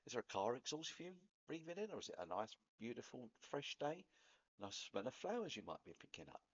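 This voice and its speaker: A man's voice: medium pitch, very animated, a little fast, breathy edge, muffled recording. A man with a Cockney accent talking casually to camera, chatty and rambling, laughing at himself now and then. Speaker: vlogger. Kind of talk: casual spoken talk to camera.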